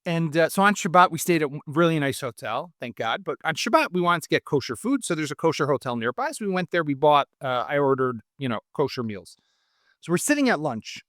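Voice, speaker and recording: A middle-aged man from Israel talks politics in a worked-up, emphatic rush, stumbling over restarts. His voice sits somewhat high. It is recorded close and dry with no room sound. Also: big pitch swings, brisk, a bit bright, dry recording. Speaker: guest. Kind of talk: heated political discussion.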